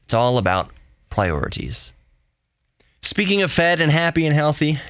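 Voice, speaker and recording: A young adult man hosting a solo tech podcast, reading specs aloud with excitable, jokey asides and self-corrections, ending with gentle encouragement. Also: on the high side, normal speed, long pauses. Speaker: podcast host.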